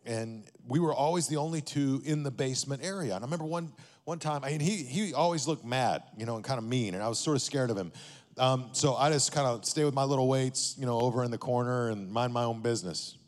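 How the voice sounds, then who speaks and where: A man's voice: medium pitch, fast talker, big-room sound. A man, a pastor, telling a story in a sermon in a conversational way, often checking in with his listeners.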